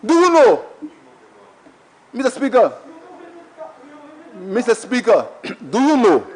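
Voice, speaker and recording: A man's voice: high voice, rough recording. A Saint Lucian man, a member of parliament, giving an emphatic, repetitive debate speech in a parliament chamber while he keeps addressing the Speaker.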